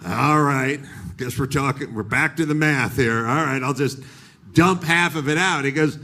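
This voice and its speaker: A man's voice: mid-range voice, normal speed, sharp tone. A middle-aged man doing a stand-up comedy set on stage, telling a story with acted-out voices. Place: live comedy stage with audience.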